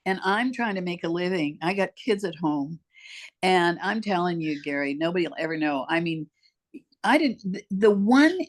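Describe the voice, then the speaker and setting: A woman's voice: on the low side, lively intonation, moderate pace. An older woman, a podcast guest, recounting her life story in an emphatic, repetitive way. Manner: emphatic, repeats herself for weight. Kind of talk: personal storytelling in conversation.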